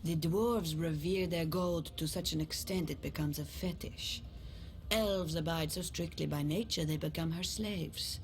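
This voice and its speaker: An actress playing a cool, reasoned dragon noblewoman in a video game, speaking in a measured, lofty way. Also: low voice, soft background music.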